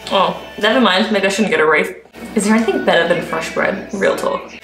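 A woman's voice: medium pitch, a little fast, reverberant, music in the background, poor audio. A woman with an Australian accent, a vlogger chatting and gushing as she reacts to adverts. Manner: chatty and gushing, full of "like" fillers. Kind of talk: casual reaction commentary.

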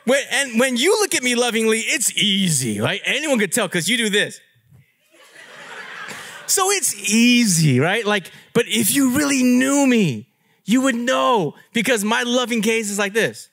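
A man preaching as a pastor, telling stories in an animated, playful way and laughing at himself. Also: very high-pitched, unhurried. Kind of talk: storytelling sermon.

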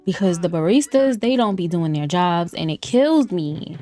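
A woman's voice: fairly low pitch, lively intonation, normal speed, dark tone. Chatty woman laughing through game commentary. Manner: chatty and playful, laughs often, talks to viewers as "y'all". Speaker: gameplay streamer. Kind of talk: casual let's-play commentary. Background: faint lo-fi music.

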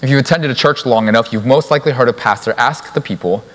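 A man's voice: medium pitch, fast talker, a bit bright, in a large hall. A young adult man preaching a sermon in a church, stressing key words by repeating them. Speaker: pastor. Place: church sanctuary.

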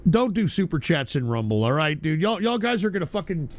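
A male live-stream host ranting through broadcast commentary, profane and combative, swinging into shouting at his chat. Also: a little high, big pitch swings, a little fast.

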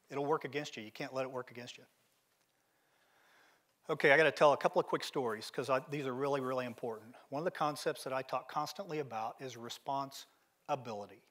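A man's voice: mid-range voice, a bit bright. Emphatic middle-aged male keynote speaker. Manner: direct, emphatic storytelling. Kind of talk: motivational seminar talk. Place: seminar venue.

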